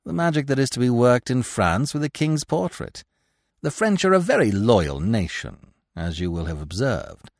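A man voicing a quick-witted young man who talks in a smooth, wry way. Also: medium pitch, big pitch swings, no room sound, clean studio sound. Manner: suave, wry.

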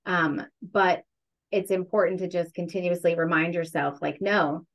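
Reflective, candid woman talking low. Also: steady tone, low-quality recording. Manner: candid, reflective, drawn-out emphasis. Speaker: interview guest. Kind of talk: casual interview chat.

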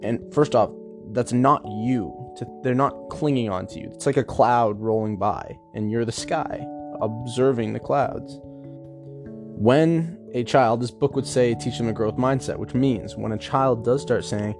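Speaking at a medium pitch and moderate pace over background music, a male podcast host thinks aloud in a loose, self-interrupting ramble. The recording was made at work with no microphone.

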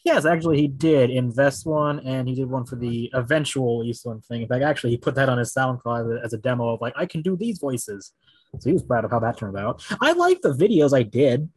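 A man chatting on a podcast with a husky, slightly raspy voice. He rambles candidly. The sound is dry and close, with no room echo. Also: mid-range voice, expressive, fast, hardly any pauses. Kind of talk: casual podcast chat.

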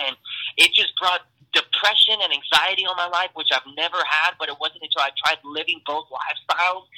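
Young man, podcast guest, earnest testimony, casual fillers, bright tone. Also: a little high, rough recording. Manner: earnest, storytelling with lots of fillers. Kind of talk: personal testimony in casual chat.

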